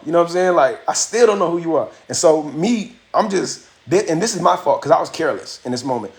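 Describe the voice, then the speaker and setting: Guy on a phone live, kinda high voice, slangy and animated, keeps repeating lines for effect. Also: fast talker. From Miami, USA. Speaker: livestream host. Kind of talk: casual storytelling on a livestream.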